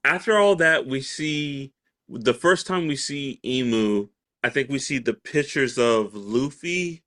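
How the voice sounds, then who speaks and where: A man co-hosting a casual podcast, his pitch rising and falling a lot as he talks. He lays out theories and throws questions to his partner, laughing readily along the way. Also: unhurried. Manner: lively, questioning, laughs easily. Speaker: podcast co-host. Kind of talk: casual chat.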